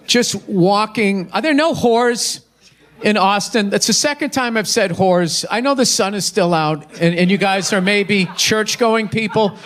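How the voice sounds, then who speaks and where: High-voiced man ranting in stand-up. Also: fairly bright tone. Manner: ranting, profane, mocking. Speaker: stand-up comedian. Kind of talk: stand-up comedy set. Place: live comedy venue with audience.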